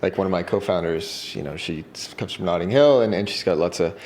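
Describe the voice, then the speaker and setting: Man, co-host, deep voice, relaxed, faint ambience behind. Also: a little fast, a little hiss or hum. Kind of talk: casual interview talk.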